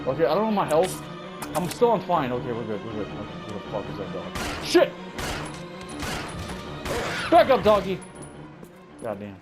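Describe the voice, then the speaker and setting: A young man casually commentating a video game playthrough, excitable, swearing and rambling. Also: medium pitch, moderate pace, pauses often, music in the background, poor audio. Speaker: let's play gamer.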